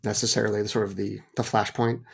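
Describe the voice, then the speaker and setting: A man's voice: fairly low pitch, flat delivery, fast talker, gravelly, husky. A man co-hosting a film podcast, chatting casually and rambling with restarts and fillers. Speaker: podcast co-host.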